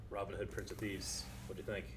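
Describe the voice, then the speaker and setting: A man's voice: on the low side, little pitch movement, fast, noisy background. A young man in a casual movie discussion, chatty and retelling behind-the-scenes trivia. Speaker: show co-host, movie reactor.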